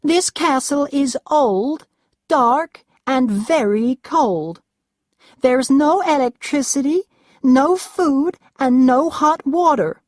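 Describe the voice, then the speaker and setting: Shrill, demanding spoiled wife, as a woman reader puts her on. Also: slow, no echo, clean studio sound. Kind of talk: storybook reading.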